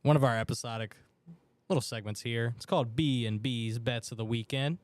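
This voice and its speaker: A man co-hosting a sports betting podcast in a radio studio, chatting casually and excitably. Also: mid-range voice, fairly quick, dry recording. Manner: excitable, chatty, loud outbursts for his team. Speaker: podcast co-host. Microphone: studio mic.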